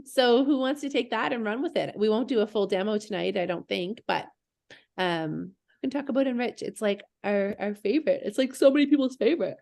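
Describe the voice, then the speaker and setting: A woman's voice: medium pitch, brisk, vocal fry, darkish tone. Chatty woman hosting a casual call. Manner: chatty, laughs and yawns, trails off. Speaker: host of a product call.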